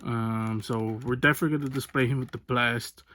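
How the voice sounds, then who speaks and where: A man from the United States hosting a casual toy unboxing vlog, rambling and relaxed, often saying "so there's that". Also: mid-range voice, a little fast. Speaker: toy unboxing channel host. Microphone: phone or webcam on desk.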